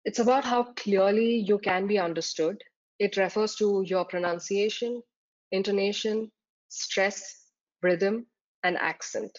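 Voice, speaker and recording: A woman with a mid-range, slightly mellow voice speaks a little slowly. She's an exam tutor walking through terms step by step in a slide-based lecture, often saying "uh." The recording is dull and lo-fi.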